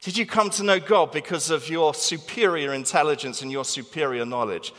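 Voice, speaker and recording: Guy preaching a sermon, kinda high bright voice, emphatic and repeats himself, long echo from a big church hall. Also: moderate pace. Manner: animated and emphatic, repeating phrases for stress. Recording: long reverb of a large hall.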